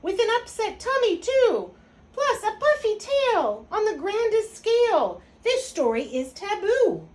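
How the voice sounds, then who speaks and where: A woman's voice: very high voice, sing-song, unhurried, a little mellow, voice pushed up, exaggerated voice. A woman voicing a fussy, dramatic mother cat who scolds her son in a storybook. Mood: scolding.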